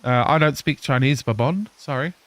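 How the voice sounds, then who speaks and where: A man's voice: mid-range voice, normal speed, no room sound. Chatty English-Australian man streaming games. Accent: English mixed with Australian. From England. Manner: chatty, answers viewers, laughs often. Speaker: live streamer. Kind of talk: casual live-stream chat while gaming.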